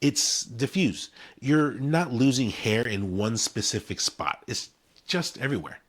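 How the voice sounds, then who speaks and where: A man at mid pitch with a lively, rising and falling delivery, talking straight to camera. He speaks punchy and conversational and leans hard on key words. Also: measured pace. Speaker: hair-care brand founder. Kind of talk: direct-to-camera explainer.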